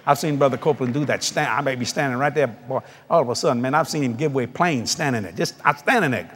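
A male preacher telling a story in a televised sermon, animated and laughing, with bursts of shouting. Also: mid-range voice, fast talker, slightly rough.

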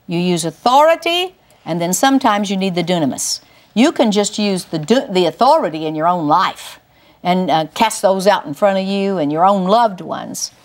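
An older woman giving a Christian teaching through a personal testimony, telling it emphatically with big swings up in pitch. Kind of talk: testimony-style Bible teaching.

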